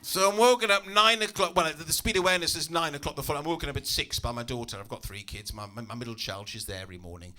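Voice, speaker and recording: A man performing a stand-up comedy set in a comedy club, telling stories in a lively, exasperated way with asides to the crowd. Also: a little high, racing, hardly any pauses, slight background noise.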